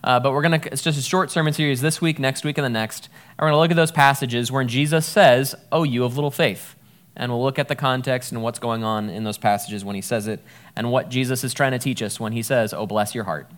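A man's voice: mid-range voice, steady tone, quick pace, a bit bright. A man in his thirties giving a casual, conversational sermon as a pastor, joking at himself when he stumbles over words.

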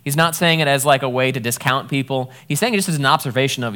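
A man in his thirties preaches in a loose, conversational way. He jokes at his own stumbles and keeps the tone plain. His voice sits at an ordinary middle pitch. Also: fast talker, pushed and bright. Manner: casual, self-deprecating, stumbling over words. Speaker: pastor. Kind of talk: conversational sermon.

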